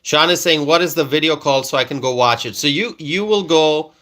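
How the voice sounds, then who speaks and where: Reading out viewer comments on his casual political livestream, a man speaks in a high, bright, forceful voice. He is slow and emphatic, repeats himself, and keeps asking the audience questions.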